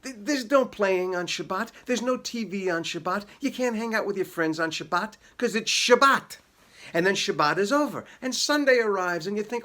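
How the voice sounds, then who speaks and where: A man's voice: high-pitched, moderate pace. A middle-aged man, a comedian, telling jokes about his upbringing in a dry, storytelling way. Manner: sings a jokey novelty song, then deadpan storytelling. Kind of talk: comic song with guitar, then stand-up.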